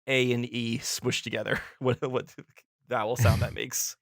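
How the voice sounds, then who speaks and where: A man's voice: medium pitch, flat delivery, measured pace, vocal fry, a bit bright, dry recording, clean studio sound. Chatty man co-hosting a film podcast. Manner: chatty, laughs often, stumbles over names. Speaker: podcast co-host. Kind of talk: casual film discussion.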